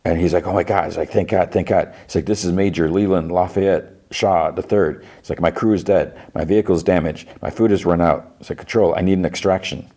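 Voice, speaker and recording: A man's voice: low-pitched, fairly even intonation, a little fast, hardly any pauses, mellow. A male podcast host casually recapping an episode, acting out the characters' lines in loose voices. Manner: acts out dialogue in loose voices; lots of "he's like" and restarts.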